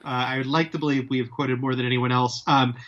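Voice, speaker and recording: A man's voice: mid-range voice, steady tone, quick pace, background noise. A man in his forties co-hosting a casual pop-culture podcast, chatty and laughing along. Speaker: podcast co-host. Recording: dull lo-fi sound.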